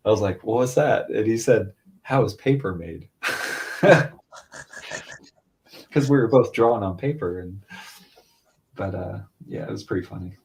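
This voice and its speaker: A man in his thirties tells a long, rambling story in easy, casual chat. His voice sits fairly low, and he raises it whenever he quotes someone else. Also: expressive, a little slow, long pauses, darkish tone. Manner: rambling storyteller, loose and chatty, quoting others in a lifted voice. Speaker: podcast co-host, father.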